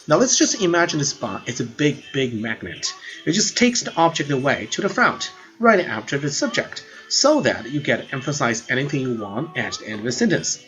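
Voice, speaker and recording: A man's voice: mid-range voice, fairly bright tone. A man teaching a grammar lesson in an earnest explanatory way, often repeating words as he goes. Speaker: language teacher. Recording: dull lo-fi sound with faint background music.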